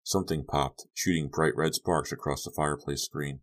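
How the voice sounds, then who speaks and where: A man narrating a young-adult horror audiobook in a calm, measured storytelling manner. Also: a bass voice. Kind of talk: scripted narration.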